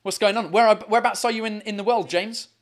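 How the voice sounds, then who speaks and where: Upbeat host with a high, bright voice, talking through a computer mic, trips over his words and keeps going. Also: steady tone, fast talker. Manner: upbeat, chatty, stumbles and repeats words. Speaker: host of a live video call show. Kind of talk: casual live-stream chat with callers. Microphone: computer mic on a video call.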